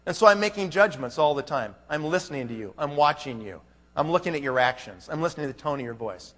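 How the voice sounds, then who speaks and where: A conference speaker with a high-ish, expressive, somewhat bright voice talks quickly. His motivational speech is emphatic, packed with rhetorical questions thrown at the audience, and a long hall reverb trails his words.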